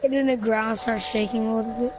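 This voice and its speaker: A woman's voice: on the high side, steady tone, brisk, background noise. A woman improvising her part in a roleplay, describing her own actions casually. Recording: dull lo-fi recording with music.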